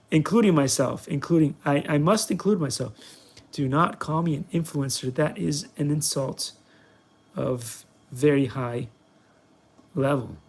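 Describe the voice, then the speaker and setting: A man narrates his review vlog while he tries to fly a toy. He rambles and jokes at his own expense. His voice sits on the higher side for a man. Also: vocal fry, slightly rough. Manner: playful, self-mocking, rambling. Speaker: product reviewer, channel host. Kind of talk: casual vlog commentary while playing.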